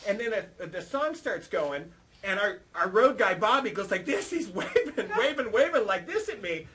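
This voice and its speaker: A man's voice: sits high, big pitch swings, moderate pace, background noise. A man, a punk band singer, telling a rowdy, profane story in an interview and acting out the voices in it. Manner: profane, rowdy storyteller who acts out quotes. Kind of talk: animated anecdote telling. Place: record label office.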